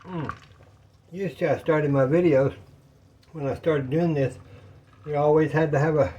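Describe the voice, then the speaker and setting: A man's voice: fairly high pitch, fairly even intonation, a little slow, mellow, breathy edge, dull audio. A man chatting casually and rambling to viewers while cooking in his home kitchen, a little out of breath. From Texas. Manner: folksy, rambling, talks to viewers as y'all. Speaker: cooking vlogger.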